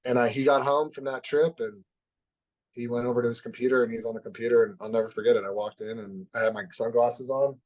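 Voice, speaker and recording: A man as a podcast guest, telling a personal story in an open, reflective way that drops soft at the heavy parts. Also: mid-range voice, fairly even intonation, fast talker. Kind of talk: candid conversational storytelling.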